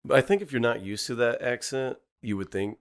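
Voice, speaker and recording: A man's voice: medium pitch, brisk, smooth. A man chatting on a casual comedy podcast, laid-back and laughing often. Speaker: podcast co-host.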